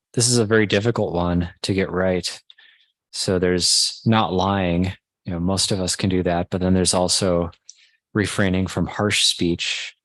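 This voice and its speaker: Very low, flat-voiced monk giving a talk. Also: male voice, no room sound. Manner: slow, measured teaching with pauses and restarts. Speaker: Buddhist monk teaching a retreat. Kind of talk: Dhamma talk.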